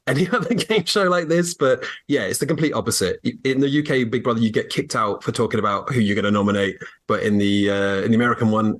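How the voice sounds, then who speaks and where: A man guest co-hosting a podcast who talks in a loose, rambling way. He laughs easily and leans on plenty of fillers, and his voice sits at an ordinary middle pitch. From England. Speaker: guest co-host. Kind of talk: casual podcast chat.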